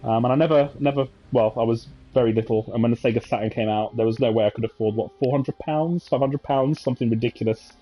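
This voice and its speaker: A man's voice: medium pitch, quick pace, hardly any pauses, highs cut off, faint music behind. A man, chatting casually and reminiscing over gameplay with many fillers and asides. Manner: rambling, nostalgic storytelling with many fillers. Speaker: gaming channel host.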